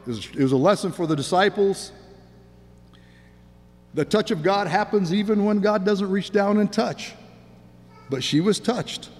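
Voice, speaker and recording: A man's voice: high-pitched, a little slow, long pauses, long reverb tail. A man preaching a sermon in an earnest way, often repeating and restarting his words.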